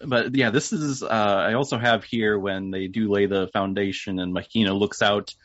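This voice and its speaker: A man's voice: fairly low pitch, fairly even intonation, normal speed, a bit bright. A man who is a regular podcast guest, chatting casually and walking through a film's plot from his notes with playful asides. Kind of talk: casual film-discussion podcast chat. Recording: dull, dry podcast mic.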